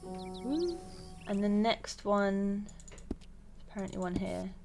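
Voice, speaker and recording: A woman's voice: medium pitch, lively intonation, takes it slowly, gravelly, darkish tone. Chatty woman doing gameplay commentary. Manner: chatty and rambling, thinking aloud. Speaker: let's play gamer. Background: game music and horse hooves.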